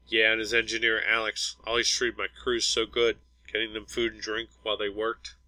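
A man's voice: on the low side, completely flat delivery, normal speed, bright, forceful tone, no echo, low-quality recording. A man voicing a grieving, blunt starship captain who gives firm, clipped orders.

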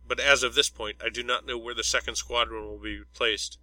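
A man reading a steady squad leader's briefing. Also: medium pitch, fairly quick, no echo, rough recording. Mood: relaxed. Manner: steady, matter-of-fact briefing. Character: calm, good-humored male squad leader.

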